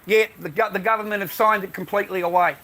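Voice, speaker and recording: Older Aussie bloke, bright forceful voice, swears constantly, rants to camera. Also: male voice, high-pitched, fairly even intonation, quick pace. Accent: Australian. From Australia. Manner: profane, ranting, peppered with mate and man. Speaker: vlogger. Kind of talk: rambling casual monologue to camera.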